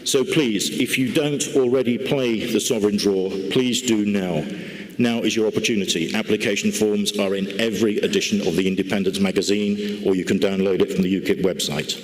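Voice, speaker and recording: A man giving a conference report from a podium, measured and deliberate, with dry humour. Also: lowish voice, steady tone. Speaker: party lottery organiser giving a conference report. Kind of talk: conference speech. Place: large church hall used for a conference. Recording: long hall reverb.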